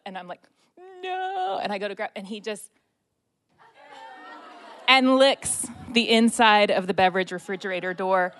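Woman in her 30s telling mom stories, laughs at herself, lively. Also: medium pitch. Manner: self-mocking, animated storytelling. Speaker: speaker sharing a personal story. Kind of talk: storytelling talk.

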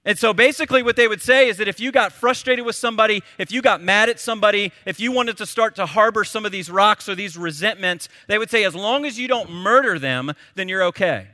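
A pastor in his thirties delivers a sermon with a bright, forceful tone and a slightly raised pitch. He tells a family story in an animated, conversational way. The close, dry voice rings out in the long reverb of a big hall. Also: brisk, hardly any pauses.

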